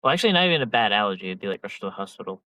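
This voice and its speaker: A man's voice: fairly low pitch, sing-song, rapid-fire, pushed and bright, no room sound, low-quality recording. A young man chatting casually as a podcast host, rambling and slangy with heavy filler and swearing. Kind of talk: casual chat.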